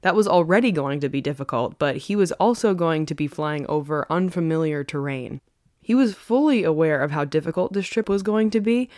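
A woman's voice: deep voice, a little mellow, no room sound, clean studio sound. A woman hosting a podcast, telling a story in a chatty, casual way and laughing often. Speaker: podcast co-host.

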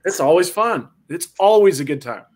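A man's voice: sits high, moderate pace. A man telling a funny story in casual chat, acting out voices and reactions. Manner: animated, acts out voices in quotes.

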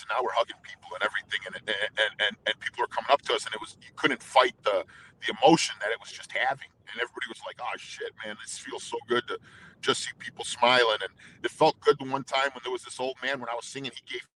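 A man, a singer being interviewed, talking intensely and fast with many restarts in casual storytelling. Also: mid-range voice, pushed and bright, slight background noise, poor audio. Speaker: guest singer.

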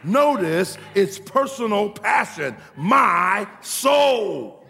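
A man preaching a sermon in a church, often shouting and building rhythmic repeated lines, with a gravelly voice. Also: high-pitched, big pitch swings, very slow. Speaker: pastor. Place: church sanctuary. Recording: long reverb of a large hall.

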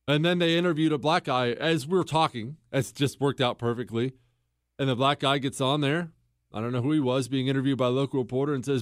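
A young male podcast host delivers a political commentary monologue in a medium-pitched voice at a fairly quick pace, recorded in clean studio sound with no echo. He speaks emphatically and rhetorically, repeating words for effect and putting questions to his listeners.

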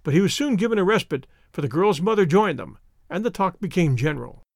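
A man narrating a storybook with an expressive, storytelling delivery. His voice sits high and moves around a lot, and the recording is dry and close with no room sound. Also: fast, vocal fry, dry recording. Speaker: audiobook narrator. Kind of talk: scripted narration.

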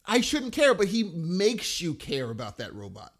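A fairly high-voiced man talks about a movie in a loose, rambling way, his pitch leaping up and down as he gets excited. It is casual chat between friends, full of restarts and asides. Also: unhurried, hardly any pauses. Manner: animated, rambling and enthusiastic, with big pitch jumps.

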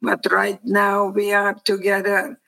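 An older woman from Hungary tells her story slowly, pausing between plain, reflective phrases. Her voice has a gravelly, fried edge, and her pitch stays fairly flat. She speaks as a guest in an interview. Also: poor audio. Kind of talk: personal testimony.

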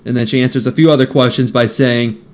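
A man co-hosting a casual podcast, recapping movie scenes with deadpan quips. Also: medium pitch, quick pace. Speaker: podcast co-host.

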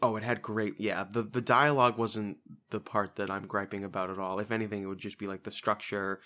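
A man's voice: on the low side, little pitch movement, a little fast, sharp tone. A young man co-hosting a casual movie review podcast, rambling with frequent restarts and fillers. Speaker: podcast co-host.

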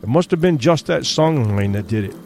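A grim backwoods guide, as a male storyteller puts him on, uneasy and speaking in rough, folksy country grammar. He comes from Canada and has a voice of ordinary pitch in an audiobook. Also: expressive, fairly quick, a little mellow, faint music behind.

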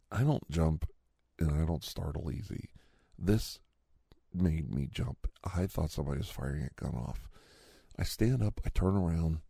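Low gravelly middle-aged man, indignant. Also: mellow, no echo, studio quality. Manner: indignant, rambling, with restarts. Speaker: storyteller in a role-play. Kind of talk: casual storytelling.

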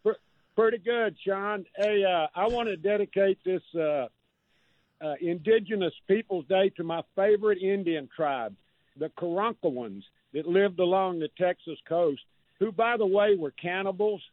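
High-voiced guy phoning in, wry and hesitant, tinny phone sound. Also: moderate pace, dry recording. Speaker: caller. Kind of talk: phone call to talk radio.

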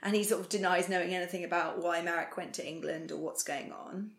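A woman's voice: on the low side, steady tone, quick pace. Woman, chatty recap, strained voice, laughs often, roomy echo. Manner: chatty, laughs often, bursts into playful sing-song. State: voice strained from singing earlier. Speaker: podcast co-host. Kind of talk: casual chat recapping a TV episode.

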